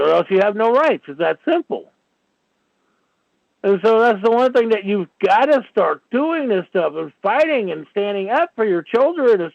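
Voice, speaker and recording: A man with a high, gravelly voice rants his way through a rambling radio monologue, leaning on "you know" again and again. The sound is dry and close, with a dull, lo-fi radio quality. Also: dry recording. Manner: ranting, filler-heavy, many "you know"s. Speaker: radio show host.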